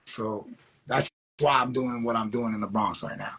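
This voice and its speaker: A man's voice: mid-range voice, fairly even intonation, moderate pace, pushed and bright, breathy edge. A man, a graffiti writer, telling street stories in a loose, profane, streetwise way during a casual interview. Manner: loose, profane, streetwise, peppered with "you know what I'm saying".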